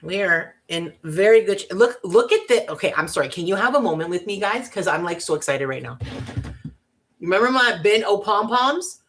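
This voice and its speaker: A woman's voice: mid-range voice, expressive, normal speed, a bit bright. A woman giving a casual crafting tutorial, chatty and bubbly with giggly asides. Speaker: craft vlogger.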